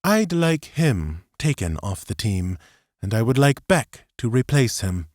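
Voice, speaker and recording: A man voicing a calm, formal ambassador who speaks in a measured, precise way. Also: medium pitch, no room sound, studio quality, voice pushed up. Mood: calm insistent.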